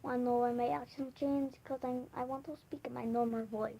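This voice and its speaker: A woman's voice: on the high side, steady tone, brisk, gravelly, dark tone, slight background noise, rough recording. A woman vlogging in a casual, playful chat, rambling with lots of fillers.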